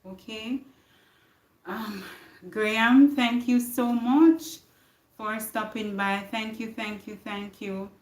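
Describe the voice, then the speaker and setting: A woman's voice: a little high, steady tone, slow, echoey room. A Jamaican woman hosting a casual live stream, greeting viewers by name and repeating her words. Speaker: livestream host.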